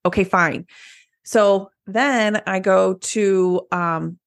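A young woman co-hosts a relaxed podcast, telling her own story in an easy, conversational way and laughing along with her partner. Her voice sits at an ordinary middle pitch. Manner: chatty, laughs along, quick reactions. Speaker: podcast co-host, salon owner. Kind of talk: casual chat.

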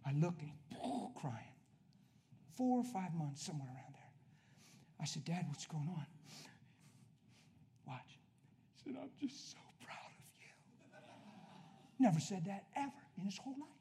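A man preaching a sermon to a room, telling a personal story and swinging from hushed, soft lines to loud emphatic ones. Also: fairly high pitch, very animated, normal speed, long pauses, a little hiss or hum. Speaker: pastor.

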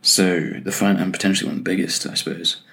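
A man's voice: deep voice, steady tone, fast, creaky, fairly bright tone. A young man hosting a solo podcast, telling stories in a wry, self-deprecating way. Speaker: podcast host. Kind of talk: solo casual podcast chat.

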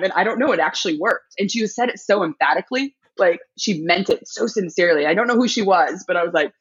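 A woman chatting casually as a podcast guest, telling a story with lively energy and acting out other people's voices. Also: on the low side, fast talker, hardly any pauses, breathy edge, lo-fi sound. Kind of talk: casual chat.

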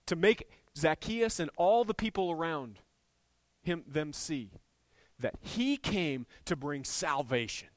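A man preaching a sermon as a church pastor, storytelling with animated swings, climbing to fervent, near-shouted peaks. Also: a little high, slow, no echo. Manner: animated, rising to impassioned shouting.

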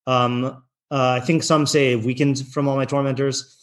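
A man's voice: mid-range voice, flat delivery, measured pace. A man teaching an online text study class, reading passages out and translating them in a loose, chatty way with plenty of fillers and restarts.

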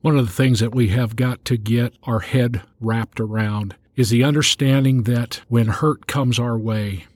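A man giving a spoken sermon, reading scripture aloud in a measured way and slowing down for the quoted verses. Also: steady tone, a little mellow, no echo. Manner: measured, slows down and rises in pitch when reading scripture aloud. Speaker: podcast host and preacher.

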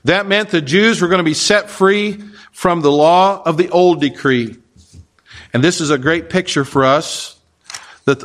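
A man's voice: a little high, a bit bright. A male pastor preaching an expository sermon in a conversational way, often asking his listeners rhetorical questions.

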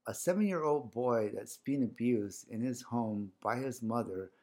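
Talking a little slowly in a mid-range, slightly mellow voice, a man appears as a guest organizing a community series. He tells a personal story in a casual, rambling way full of fillers, acting out the dialogue he recounts.

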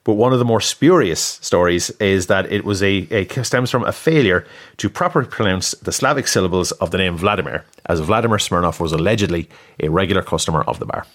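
A man co-hosting a podcast quiz, reading clues in a relaxed chatty way and laughing at his own stumbles. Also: sits low, a little fast. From has lived in the US. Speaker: podcast co-host, quizmaster. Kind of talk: casual quiz chat.

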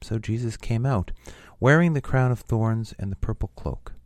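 A man reading a Gospel passage aloud in a measured, steady way. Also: mid-range voice, no room sound. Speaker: scripture reader.

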